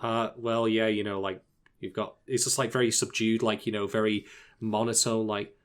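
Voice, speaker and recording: A man co-hosting an anime review podcast, talking in an animated, opinionated way with lots of filler words. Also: lowish voice, normal speed, clean tone. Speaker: podcast co-host. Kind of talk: casual anime review chat.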